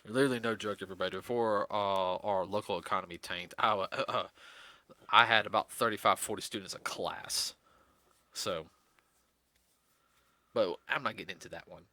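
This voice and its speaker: A man's voice: on the low side, moderate pace, pauses often, bright, forceful tone, dry recording. A middle-aged man hosting a podcast, rambling in casual chat with many restarts and fillers. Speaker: podcast host.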